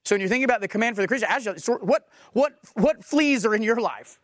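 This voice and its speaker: Male pastor, animated sermon delivery, expressive pitch, dry mic. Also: fast, no room sound. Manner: animated, acts out back-and-forth dialogue. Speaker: preacher.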